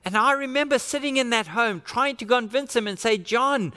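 Earnest pastor preaching in a reverberant church. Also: male voice, extremely high pitch, fairly quick, sharp tone, clear, resonant tone. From Australia. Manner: earnest preaching, dramatic voiced quotes. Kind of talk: sermon.

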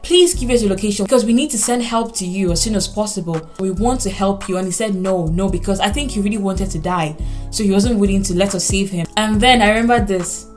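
An earnest young woman tells a personal story straight to the camera. Her voice climbs high and urgent when she quotes what she said, and soft music plays faintly behind her. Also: fast. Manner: earnest, urgent retelling, rising pitch when quoting herself. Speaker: vlogger. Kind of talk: storytime vlog.

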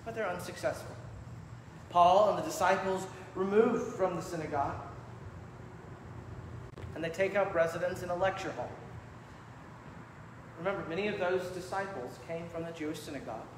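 Pastor guy preaching, kinda high voice, long church reverb. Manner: emphatic preaching with measured, deliberate delivery. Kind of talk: sermon. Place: church sanctuary. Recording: echoey church hall with faint room noise.

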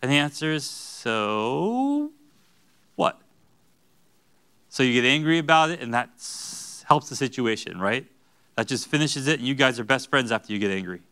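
A man preaching a sermon as pastor, animated, with joking asides and acted-out quotes. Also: medium pitch, a little fast, clear, resonant tone. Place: church sanctuary.

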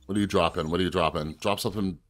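A man casually commentating his own card game play and chatting directly to his viewers, with sudden bursts of excitement. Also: deep voice, racing, soft background music. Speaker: gaming video host.

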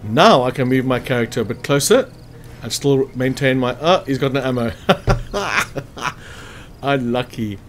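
A man's voice: mid-range voice, lively intonation, a little slow, slight background noise. A man casually commentating a strategy game walkthrough, chatty and thinking aloud as he checks hit chances. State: hiccuping after lunch. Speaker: gameplay commentator.

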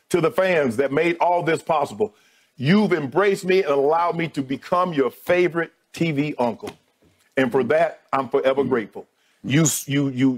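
A middle-aged man, a TV sports debate co-host, giving an emotional on-air farewell and thanking his colleagues one by one, his voice sinking low as he speaks.

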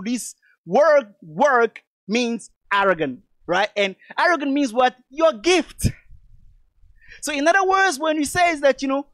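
A man's voice: high-pitched, a bit bright, no echo. A man from Togo, giving an emphatic motivational speech and calling his audience "lovely people". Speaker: motivational speaker.

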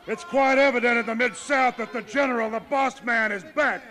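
A man's voice: very high-pitched, steady tone, moderate pace, bright, forceful tone, soft background music, a faint crowd. A middle-aged man acting as a wrestling manager in a promo, boastful, commanding and threatening.

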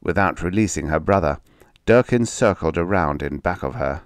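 A man with a very deep voice reading a story aloud as audiobook narration. His delivery is measured and dramatic. The sound is close and dry, with no room around it. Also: lively intonation, dry recording.

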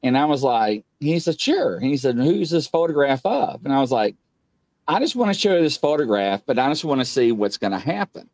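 A middle-aged man, a police captain as the show's guest, telling a casual rambling story full of filler "uh"s and quoted dialogue he acts out with sudden jumps up in pitch. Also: a little fast, no room sound. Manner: animated, jumps up in pitch when acting out quoted speech; loose and rambling with many filler "uh"s.

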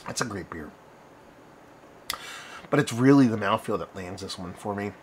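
A man's voice: lowish voice, lively intonation, moderate pace, a little hiss or hum. A man hosting a casual beer review video, talking in a loose, rambling way and often correcting himself mid-sentence. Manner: rambling, conversational, self-correcting.

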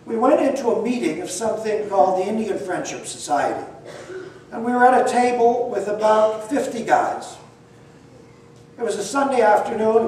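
An older man tells a personal story in a high-pitched voice, poking fun at himself and acting out each exchange. He sits well back from the mic in a room that echoes heavily, with a faint hiss underneath. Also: distant mic. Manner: animated, self-deprecating storytelling with quoted dialogue.

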